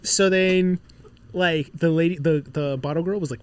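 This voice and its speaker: A man from Miami, in his thirties, tells stories in a casual chat, and his voice sits a little high. He is animated and acts out the voices of the people he quotes. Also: normal speed, clear, resonant tone. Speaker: podcast guest, musician.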